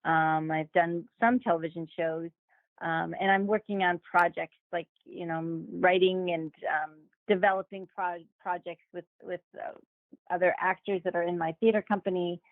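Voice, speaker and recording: A woman's voice: lowish voice, moderate pace, no echo. A woman actor telling a story in a casual interview, acting out the people she quotes and laughing now and then. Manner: animated, acts out quoted voices with laughs. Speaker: guest actor. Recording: dry, phone-like remote call audio.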